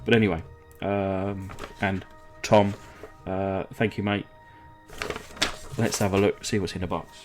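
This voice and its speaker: A man's voice: low-pitched, level tone, measured pace, music in the background. A man from England hosting a casual hobby vlog, chatty and rambling, with lots of ums and uhs. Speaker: diecast restoration channel host.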